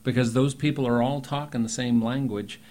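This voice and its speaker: A man's voice: medium pitch, fairly even intonation, normal speed, darkish tone. A man, an acting teacher talking in a chatty, rambling way with emphatic bursts during a podcast conversation.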